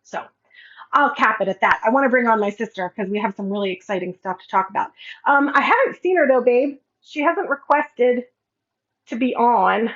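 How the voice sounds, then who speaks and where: A woman in her thirties hosts a life-coaching podcast, telling a personal story in a casual, animated way and acting out what each person said. Her voice sits a little high. The audio is slightly muffled and lo-fi. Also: normal speed. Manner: animated, acts out quoted dialogue.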